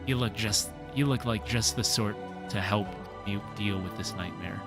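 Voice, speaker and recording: A man's voice: fairly low pitch, normal speed, music in the background, lightly acted. A man reading a game quest aloud, voicing a hot-tempered male gardener who rants theatrically about pests on his trees. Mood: ranting. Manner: theatrical, ranting with sudden outbursts.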